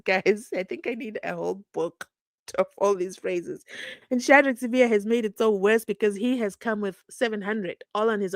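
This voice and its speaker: Woman host from South Africa, very animated pitch, dry close sound, chatty livestream commentary. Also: no echo. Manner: animated, sings snippets, reads viewer comments aloud.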